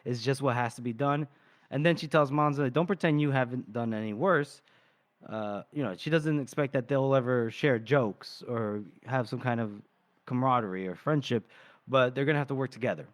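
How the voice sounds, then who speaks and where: A man's voice: medium pitch, fairly quick. A man co-hosting a book podcast, casually retelling scenes and reading characters' lines aloud. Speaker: podcast co-host.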